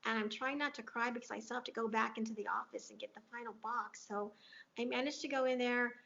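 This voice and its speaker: Gravelly-voiced woman telling a heartfelt story. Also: a little high, fairly even intonation, fast, sharp tone. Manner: earnest, emotional retelling with quoted dialogue. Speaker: interview guest. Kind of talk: personal storytelling in an interview. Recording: dull lo-fi audio.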